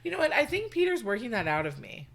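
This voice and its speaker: A woman's voice: a little high, wildly swooping pitch, fast talker, vocal fry, a bit bright. A woman co-hosting a podcast, talking in earnest, heartfelt casual chat. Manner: earnest, heartfelt, laughs easily. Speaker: podcast co-host.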